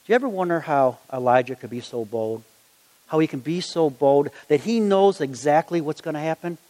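A man preaching a sermon, reading Bible verses aloud and acting out the story in lively voices. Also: fairly high pitch, a little fast. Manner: animated, acts out the story in voices. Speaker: gospel magician preacher. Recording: long hall reverb.

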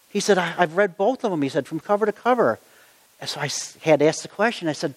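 A man's voice: on the high side, fast talker. A middle-aged man preaching a sermon, earnest and conversational as he tells stories from his own life. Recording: long hall reverb.

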